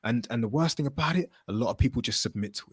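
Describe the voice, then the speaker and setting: A man hosting a podcast, talking in an animated, casual way, swearing and telling stories with acted quotes. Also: mid-range voice, fast, slight background noise. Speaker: podcast host.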